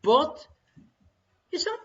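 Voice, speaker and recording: Drawing out his words in a fairly bright tone, an Irish quiz host presents a live online show from his home. He reads each question two times, cracks jokes, chats, and trades banter with his partner, while the stream audio sounds dull and lo-fi.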